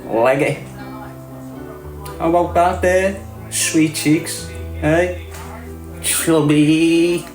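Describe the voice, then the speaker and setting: A man's voice: on the high side, extremely slow, pauses often. A middle-aged man with a Scouse accent hosting a casual livestream rant in streetwise, mocking banter, often laughing. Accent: Scouse (Liverpool). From Liverpool area, England. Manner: mocking, streetwise banter, frequent laughter, calls everyone "lad". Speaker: livestream host. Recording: roomy echo with faint music.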